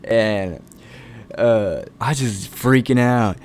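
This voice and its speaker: A man's voice: mid-range voice, extremely slow, darkish tone. A young man casually telling a long personal story, laid-back and rambling, with lots of swearing.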